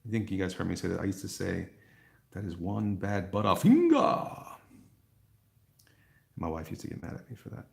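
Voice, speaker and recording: A man's voice: deep voice, fairly even intonation, racing, vocal fry, few pauses, darkish tone. A man hosting a live stream, chatting casually with viewers while he draws, rambling and poking fun at himself. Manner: rambling, self-mocking, chuckles often; talks to the chat.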